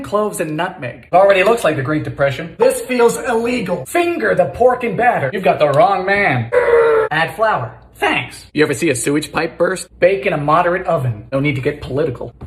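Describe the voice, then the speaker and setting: A man doing comedic cooking commentary on old recipes in his home kitchen, with deadpan one-liners and ingredients called out in sudden shouts. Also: a little high, reverberant.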